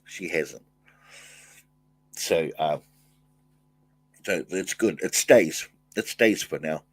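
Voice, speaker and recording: An older man hosting a casual livestream, thanking viewers and reading their comments, talking in halting bursts with many fillers and restarts. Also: deep voice, animated, husky. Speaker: livestream host.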